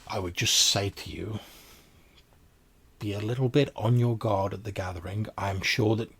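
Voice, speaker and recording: A man voicing a genteel old vampire crone woman who speaks formally and courteously, often halting and repeating words. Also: fairly low pitch, fairly even intonation, vocal fry, a bit bright, slightly rough, pitched above the performer's own voice, heavily acted.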